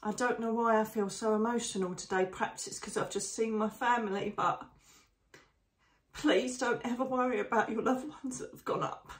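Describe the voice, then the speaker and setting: A woman, a psychic medium narrating her visions live in a hushed, emotional, often slow and breathy way. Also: on the high side, fairly even intonation, roomy sound. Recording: voice distant from the mic.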